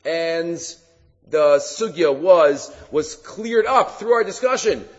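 Man teaching a Talmud class, somewhat high and husky voice, halting delivery, reverberant hall, dull lo-fi sound. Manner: animated, acts out quoted rabbis in a raised voice; halting, with many fillers and restarts.

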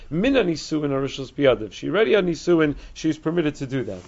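A man teaching a Talmud class, explaining quickly with frequent restarts and Hebrew and Aramaic terms. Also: a little high, lively intonation, vocal fry, darkish tone. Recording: dull lo-fi recording.

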